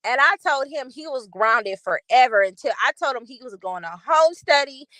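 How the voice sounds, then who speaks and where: A woman's voice: high voice, moderate pace, dry recording. Chatty woman with a dry, close sound. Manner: chatty, animated, talks straight to viewers. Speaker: channel host. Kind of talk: casual commentary to a live chat.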